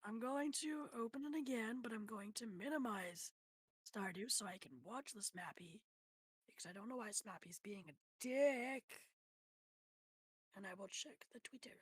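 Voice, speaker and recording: Livestreaming a game from her home computer, a woman chats casually with her audience, swearing freely and often slipping into whispered asides. Her voice is a little high and husky, animated, at normal speed, with no echo.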